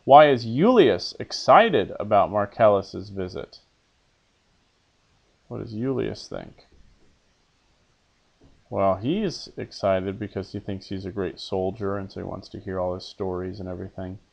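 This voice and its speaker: Unhurried and creaky, with long pauses, a lowish-voiced man teaches a beginner Latin lesson. He reads phrases for a student to repeat, gives translations, and patiently asks questions he then answers himself.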